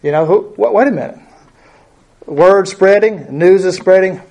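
A man with a somewhat high voice teaches a Bible lesson, reading verses and explaining them. He talks conversationally, full of fillers and rhetorical questions. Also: unhurried, vocal fry, dark tone.

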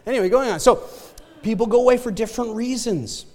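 A man with an extremely high voice preaches briskly in a church sanctuary, the sound trailing off in long hall reverb. His delivery is conversational and repetitive, regularly asking the congregation "right?" and "amen?".

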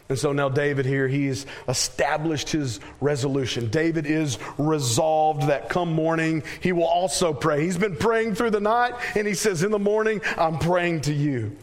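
A man with a Southern American accent preaching a sermon, slow and emphatic, repeating phrases and letting each one fall away at the end. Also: on the high side.

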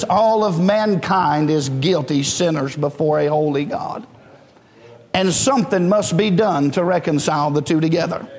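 A male pastor delivers a fervent sermon in a high, ringing voice. He calls out to the congregation and builds toward passionate peaks. His voice carries a long reverb through the church hall. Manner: fervent, preaching in a rising call-and-response style. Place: church sanctuary.

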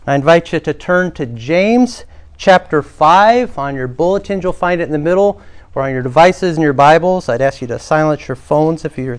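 A male pastor delivers a sermon with a smooth, clear voice pitched a little high. He tells stories and draws the congregation in with questions. He shifts between brisk narration and slower, emphatic points. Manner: storytelling, warm invitations to the congregation.

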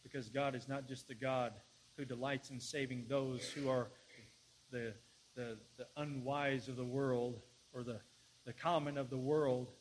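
A man preaching and praying in an earnest sermon, often repeating words as he searches for the next phrase and building to louder passages. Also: mid-range voice, steady tone, unhurried, a little hiss or hum, low-quality recording. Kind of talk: sermon with prayer.

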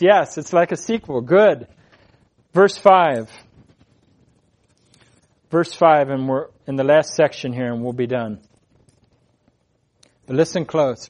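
High-voiced preacher repeating key phrases. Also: male voice, measured pace, pauses often. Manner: asks the congregation questions. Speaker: pastor. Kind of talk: sermon.

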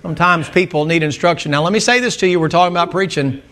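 A man's voice: on the high side, fast, fairly bright tone. A man preaching a sermon, folksy and joking, calling out to the congregation for responses. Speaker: pastor.

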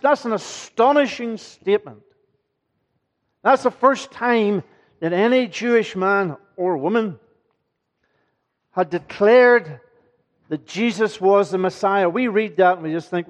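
A man's voice: high voice, measured pace, pauses often. A man preaching an evening sermon to his congregation, earnest and emphatic, often asking rhetorical questions. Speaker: pastor. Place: church.

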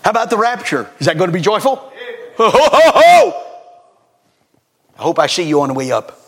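Revival preacher, male, husky and somewhat high-pitched, fiery, asks the crowd question after question. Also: very animated, rapid-fire. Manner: fiery, swings from loud exhortation to hushed scripture reading. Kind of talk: sermon.

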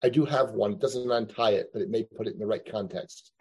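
Guy teaching a bible class, mellow kinda husky voice, chatty, thinks out loud. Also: on the low side, a little fast, low-quality recording. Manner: thinking aloud, conversational, with frequent asides. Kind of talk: classroom lecture.

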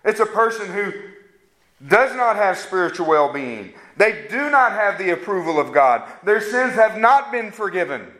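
A man's voice: sits high, big pitch swings, normal speed, a bit bright. A man preaching a fervent sermon that rises to emphatic peaks. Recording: echoey room sound.

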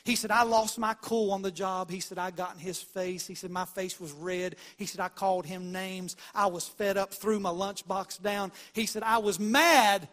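A man with a high-pitched voice preaches a sermon as the congregation's pastor. He tells homespun stories and drops into hushed tones for the key points. His delivery swings between loud bursts and quiet moments. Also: flat delivery, moderate pace, hardly any pauses.

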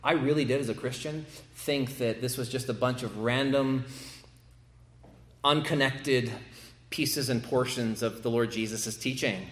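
A man's voice: mid-range voice, measured pace, roomy sound. A male pastor delivering a sermon, emphatic and prone to repeating words as he builds a point.

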